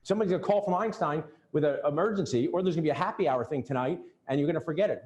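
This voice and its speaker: Man, lively joking workshop coach, slightly high voice, roomy echo. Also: fast talker. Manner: animated, joking, talks straight at the audience. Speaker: dental practice coach leading a workshop. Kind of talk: live seminar talk to a group. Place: event room with attendees.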